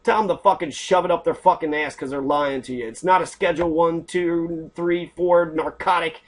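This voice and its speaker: A man with a slightly high voice, fairly even intonation and normal speed hosts an online show. He unleashes an angry, profane political rant full of curses, captured on a computer mic as he scrolls his screen.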